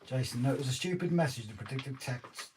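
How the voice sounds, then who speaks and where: A man's voice: medium pitch, animated, fairly quick. A man co-hosting a livestream in casual, cheeky chat while he works on a model. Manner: joking, cheeky banter. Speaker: co-host of a model railway livestream. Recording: distant mic with faint noise.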